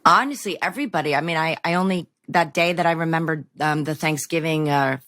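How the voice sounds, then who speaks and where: Brief: low-pitched woman guest, chatty and self-mocking, dry room. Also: a little fast, fairly bright tone, dry recording. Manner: chatty, self-deprecating storyteller. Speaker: guest actor. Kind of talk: casual podcast chat.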